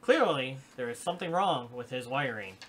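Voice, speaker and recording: A man's voice: mid-range voice, animated, normal speed, fairly bright tone, a little hiss or hum. A man leading a board game live play, reading the quest text aloud with dramatic pacing and explaining the rules.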